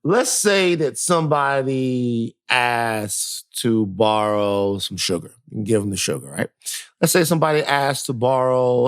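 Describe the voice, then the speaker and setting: A man's voice: medium pitch, expressive, moderate pace, clear, resonant tone, no echo, studio quality. A man co-hosting a podcast, telling a story in casual chat and acting out the quotes with animation. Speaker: podcast co-host.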